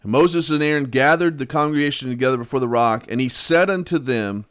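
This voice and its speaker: Animated male preacher, dry sound. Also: mid-range voice, fairly quick, few pauses, smooth, dry recording. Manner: animated preaching with sudden loud outbursts and quiet drops. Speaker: pastor. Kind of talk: sermon.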